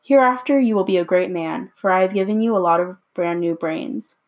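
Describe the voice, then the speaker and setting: A woman's voice: lowish voice, a little fast, highs cut off, natural voice. A woman voicing a courteous little male wizard in a storybook reading, slightly raised above her narration. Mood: polite. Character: fussy little male wizard, polite and reassuring.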